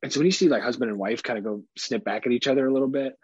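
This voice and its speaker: Husky-voiced dad swearing casually. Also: male voice, medium pitch, racing, no room sound, highs cut off. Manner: candid, swears freely, animated impressions. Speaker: podcast co-host. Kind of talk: casual chat.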